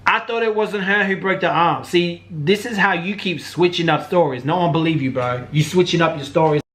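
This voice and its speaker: A man's voice: on the high side, fairly quick, a bit bright, slight background noise. A man hosting a commentary channel, talking bluntly and casually. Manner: blunt, casual, says "bro" and "like".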